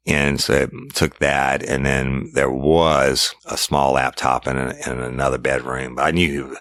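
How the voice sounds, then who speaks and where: A man's voice: very deep voice, gravelly, a bit bright, dry recording. A middle-aged man, a podcast host and former detective telling a crime story in blunt, profane language and acting out his own lines.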